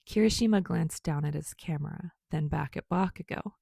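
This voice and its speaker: Brief: low-voiced woman narrator, gravelly, steady reading pace. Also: normal speed, dry recording, clean studio sound. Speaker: podfic reader. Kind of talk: scripted narration of fan fiction.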